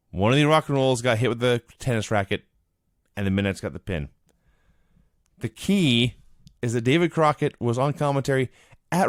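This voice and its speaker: A man co-hosting a casual chat, retelling events with big swings in pitch. He jumps into loud shouted quotes mid-story. The sound is dry and close. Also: no echo. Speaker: podcast co-host. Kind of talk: casual chat recapping old wrestling.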